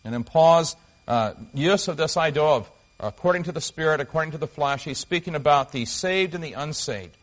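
A male pastor delivering a sermon in a voice a little higher than most men's. He speaks earnestly, leaning hard on key phrases, and pauses and restarts as he reads and explains passages. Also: animated, rough recording.

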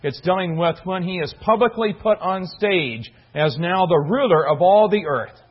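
A man's voice: high voice, expressive, normal speed, breathy edge, highs cut off. A man preaching an expository sermon, explaining a Bible passage verse by verse in an earnest teaching manner, often restarting phrases as he stresses key words. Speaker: pastor.

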